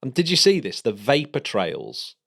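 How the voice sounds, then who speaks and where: A man's voice: mid-range voice, huge pitch swings, moderate pace, vocal fry, a bit bright. Enthusiastic man chatting space news. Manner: enthusiastic, rambling with restarts. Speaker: podcast co-host. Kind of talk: casual space-news chat.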